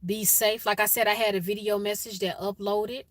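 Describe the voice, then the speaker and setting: A woman's voice: medium pitch, flat delivery, normal speed, dry recording. A woman with a Chicago accent hosting a casual livestream, chatting with viewers and greeting them by name. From Chicago, USA. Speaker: livestream host.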